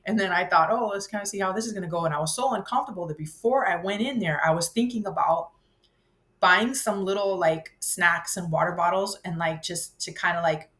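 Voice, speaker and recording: A woman's voice: on the low side, fairly quick. A woman in her fifties telling a personal story, rambling and breaking off mid-sentence, acting out the voices in it. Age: 50s. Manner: animated, acts out her own voice and others' in the story; rambling, self-interrupting. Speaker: vlogger.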